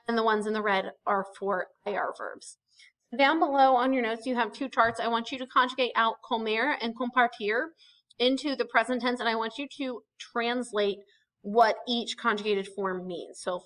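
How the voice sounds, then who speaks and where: A woman's voice: on the high side, a bit bright, low-quality recording. A woman, a teacher explaining a lesson step by step, often saying "okay" and "um.". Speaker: Spanish teacher. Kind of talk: recorded lesson narration.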